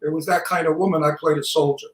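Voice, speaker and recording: A man in his eighties with a Brooklyn accent, co-hosting an interview and telling gruff, salty jokes and stories. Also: on the high side, fairly even intonation, fast talker, fairly bright tone. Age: 80s. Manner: gruff, salty joking storyteller. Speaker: co-host. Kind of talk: casual interview chat. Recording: roomy echo.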